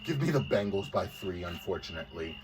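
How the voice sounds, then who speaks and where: A man's voice: sits low, lively intonation, brisk. A man co-hosting a laid-back sports podcast. He talks in a blunt, joking way and swears casually. He sounds a bit far from the mic, with faint noise underneath. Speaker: podcast co-host.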